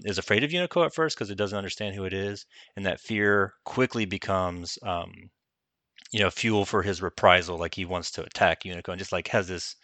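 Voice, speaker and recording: A man's voice: low-pitched, sharp tone, no echo. A man co-hosting a casual chat, recapping a film in rambling stretches full of fillers. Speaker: podcast co-host.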